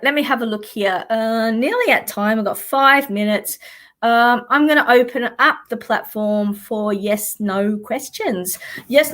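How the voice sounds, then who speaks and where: An Australian woman, a psychic, chatting casually on a live stream in a blunt, sweary way and often laughing. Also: medium pitch.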